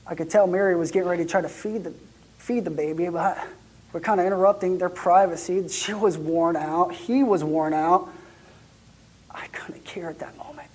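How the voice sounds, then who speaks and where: A man acting out an excitable young shepherd in a first-person church monologue, chatty and lively, then dropping to hushed tones. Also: high voice, moderate pace. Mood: hushed awe.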